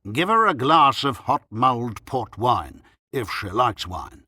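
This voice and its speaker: A man voicing a pompous, red-nosed old male country doctor who speaks slowly and solemnly, in an audiobook. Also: mid-range voice, very animated, sharp tone, breathy edge, dry recording, clean studio sound, heavily acted. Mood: grave, pompous. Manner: slow, solemn and self-important.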